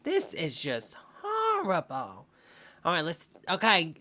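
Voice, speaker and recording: A woman's voice: fairly low pitch, huge pitch swings, takes it slowly, pushed and bright. A woman hosting a live stream, reacting to videos with chatty, amused commentary and lots of asides. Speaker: host reacting to online videos. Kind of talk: casual commentary livestream.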